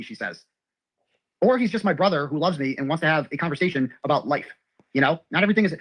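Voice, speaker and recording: A man with a high, bright speaking voice rattles through a profane rant at breakneck speed. He reads old messages aloud and tears into each one without pausing. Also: very animated. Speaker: man recounting his ex's messages. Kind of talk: ranting monologue.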